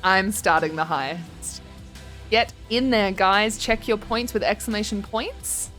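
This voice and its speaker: A woman's voice: medium pitch, slow, a bit bright, soft background music. A young woman streaming and chatting casually, reading her chat aloud and giggling often. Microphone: desk microphone.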